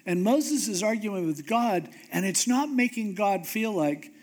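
A man's voice: high-pitched, animated, darkish tone. Man preaching a casual, humorous sermon. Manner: conversational, humorous, emphatic slowdowns. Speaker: pastor.

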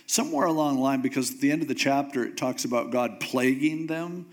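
A male pastor delivering a sermon as casual, joking storytelling. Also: mid-range voice.

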